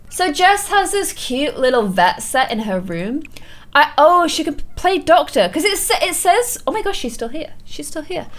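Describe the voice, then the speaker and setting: A woman with a high, bright voice commentating on a life-simulation game for her viewers. She swings her pitch widely and gasps often. Her reactions are loud and playful. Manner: excitable, frequent gasps, playful exclamations. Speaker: video game streamer. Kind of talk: gameplay commentary.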